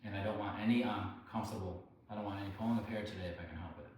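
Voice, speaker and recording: A man working as a dog trainer, calmly explaining training methods during a grooming session and praising the dogs often. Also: low-pitched, rapid-fire. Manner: calm explaining, praises dogs often in sing-song tones. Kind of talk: hands-on training lesson while grooming dogs. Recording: echoey room, distant mic, background noise.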